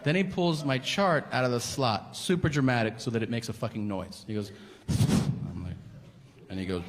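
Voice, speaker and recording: A man's voice: mid-range voice, moderate pace, slight background noise. A man doing stand-up, telling a story with profanity and acting out both sides of a conversation. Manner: animated, profane, acts out both sides of a dialogue. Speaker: stand-up comedian. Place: large venue with audience laughter. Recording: live hall recording with long reverb.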